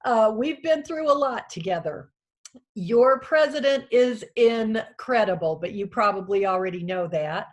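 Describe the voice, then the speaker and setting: Lady in her 60s on a video call from home, slow and kinda high, choked-up, lots of ums. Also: animated. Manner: emotional, halting, with many fillers. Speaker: union president addressing a convention. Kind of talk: heartfelt remote speech. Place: small house.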